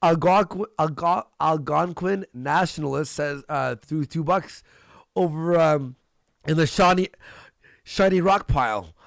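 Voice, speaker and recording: Man, livestream host, crude and joking, gravelly voice, dry close mic. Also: fairly high pitch, unhurried, no room sound. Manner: crude, joking, frequent laughter. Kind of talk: casual livestream commentary.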